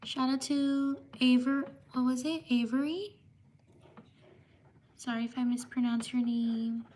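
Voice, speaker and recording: A woman hosting a livestream, reading out viewers' names slowly and apologizing when she might have mispronounced them. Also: high-pitched, fairly even intonation. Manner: slow, apologetic, drawn-out shout-outs. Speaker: livestream host. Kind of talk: livestream shout-outs.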